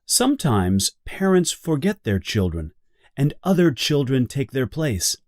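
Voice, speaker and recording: A man's voice: mid-range voice, very animated, unhurried, darkish tone, dry recording, studio quality. A man voicing a serious, stubborn boy who refuses to grow up, in a storybook reading. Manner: serious, firm.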